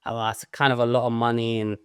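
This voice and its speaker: A man's voice: mid-range voice, fast, clear, resonant tone. Man telling a sweary podcast story. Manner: animated, sweary, laughs mid-story. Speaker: podcast co-host. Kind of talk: casual comedic storytelling.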